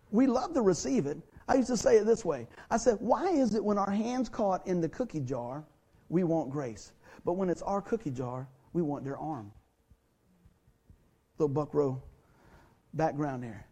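A man's voice: a little high, warm tone, husky. A middle-aged man as pastor, preaching a sermon to his church in a folksy, conversational way, acting out the quotes of the people in his stories. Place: church sanctuary.

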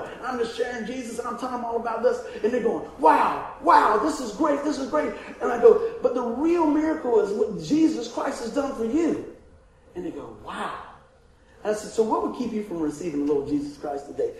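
A man telling a folksy, animated testimony story as a preacher, often laughing and acting out the voices in his story. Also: sits high, fairly quick. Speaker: evangelist preacher. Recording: heavily echoing hall with faint ambient noise.

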